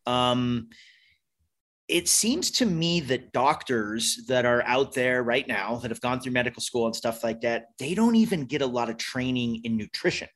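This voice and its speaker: A man's voice: mid-range voice, lively intonation, moderate pace, a bit bright. A man hosting a casual conversation, asking long rambling questions in a laid-back way. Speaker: podcast host.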